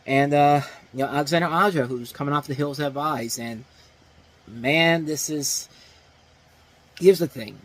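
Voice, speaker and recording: A man's voice: medium pitch, rough recording. A man hosting a movie review show, talking casually and rambling, with lots of fillers and restarts. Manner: rambling, many fillers and restarts, animated emphasis.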